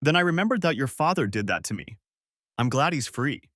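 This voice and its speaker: A man's voice: medium pitch, very animated, a little fast, a bit bright, no room sound, studio quality. A man voicing a stern middle-aged mother who scolds bluntly, in a storybook reading. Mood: scolding.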